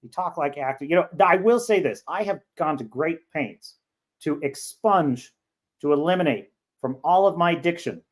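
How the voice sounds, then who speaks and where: A man's voice: a little high, animated, normal speed. A man from California with a Californian accent talks off the cuff as host of a casual livestream. His commentary rambles and jokes along, with restarts and asides as he reads viewer comments aloud.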